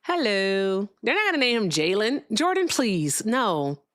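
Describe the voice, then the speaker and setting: A young woman hosts a casual livestream, chatting with her viewers while fiddling with her sound settings. Her medium-pitched voice is fairly bright, a little slow, and swings widely in pitch, recorded dry with clean studio sound.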